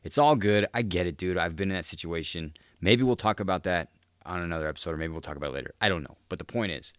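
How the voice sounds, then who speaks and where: A man's voice: low voice, brisk, clear, resonant tone, no room sound, studio quality. A young man hosting a podcast, telling a story in a loose, profane, laid-back way, full of "dude" and laughter. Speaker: podcast host. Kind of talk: casual podcast monologue.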